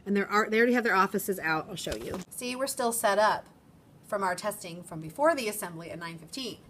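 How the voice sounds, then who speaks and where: In her school classroom, a young woman teacher talks to a phone camera in a chatty, rambling vlog, doing voices to act out what her pupils said. Her medium-pitched voice is animated, fairly quick and fairly bright, with slight background noise.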